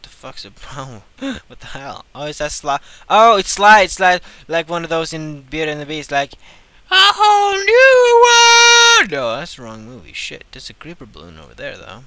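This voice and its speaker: A young man giving casual, profane gameplay commentary, jumping from low mutters to squealing shouts. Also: lively intonation, brisk, hardly any pauses, slight background noise. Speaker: gaming channel host.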